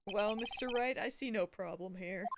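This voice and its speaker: A woman voicing a solemn elderly male judge from a video game, speaking gravely. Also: mid-range voice, moderate pace, noisy background, close to an everyday voice. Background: game music.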